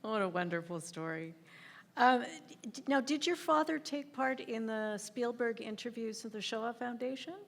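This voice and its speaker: A woman interviewing an author on stage, asking calm, measured questions. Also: fairly high pitch. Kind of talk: onstage interview. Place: theatre stage.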